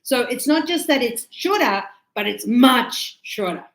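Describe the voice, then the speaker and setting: A woman teaching English in a live class, chatty and animated, acting out little dialogues as she explains. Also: on the high side, measured pace, reverberant, rough recording.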